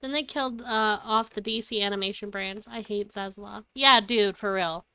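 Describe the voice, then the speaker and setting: A woman streamer chatting casually at home, rambling and excitable, swearing freely. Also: mid-range voice, moderate pace, smooth, no room sound. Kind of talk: casual livestream chat. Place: her home.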